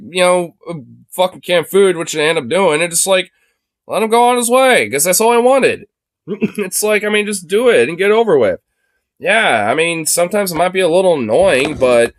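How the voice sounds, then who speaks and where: A man's voice: on the high side, no room sound, studio quality. A young man ranting casually, rambling with lots of fillers and swearing. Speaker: podcast host. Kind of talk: casual profane rant.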